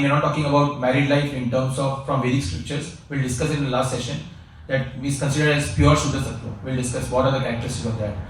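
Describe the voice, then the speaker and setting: Man, class teacher, conversational, repeats phrases, distant from mic, heavy room echo. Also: mid-range voice. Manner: conversational, repeats key phrases, hesitant fillers. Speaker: spiritual teacher. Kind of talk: informal class lecture with anecdotes. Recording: echoey room, speaker far from mic, faint noise.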